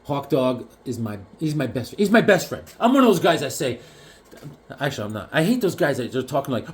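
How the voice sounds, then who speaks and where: A man chatting casually about comic books, jokey and animated, now and then acting out the characters. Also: mid-range voice, a little fast. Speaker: comic collector vlogger. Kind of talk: casual chat.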